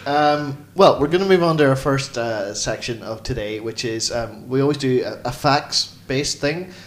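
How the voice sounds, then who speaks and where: A man's voice: mid-range voice, normal speed, slight background noise. A man hosting a casual comedy chat show, joking and laughing as he runs a quiz. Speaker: podcast host.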